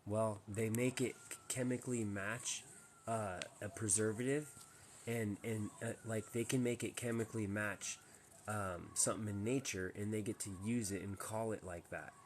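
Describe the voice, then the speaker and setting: A man with a lowish voice talks straight to his live-stream viewers from home. He rambles emphatically and restarts his sentences often. A faint hiss of background noise sits under his voice. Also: fairly even intonation, moderate pace. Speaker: livestream host. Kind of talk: casual live-stream chat.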